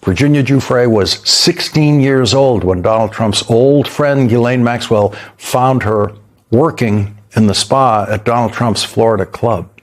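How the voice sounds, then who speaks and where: A man's voice: medium pitch, measured pace. A male news host delivering scripted, emphatic commentary with pointed repetition, speaking from a studio.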